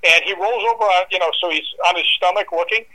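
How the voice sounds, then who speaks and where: This interview guest speaks fast in a high-pitched voice, and the recording quality is low. He's recounting a dramatic personal anecdote with lots of energy, performing the voices and imitating dog growls as the story unfolds.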